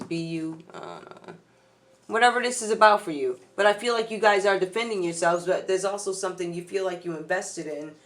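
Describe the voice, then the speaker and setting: A woman doing a casual tarot reading, chatty and loose, talking straight to her viewers. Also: on the low side. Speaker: tarot reader.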